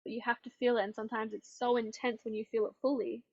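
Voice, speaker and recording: A woman coaching on self-love in a personal, animated way, acting out her own past thoughts as she talks. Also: on the high side, fast, slightly rough, dull audio. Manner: animated, acts out quoted thoughts. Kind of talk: personal teaching talk.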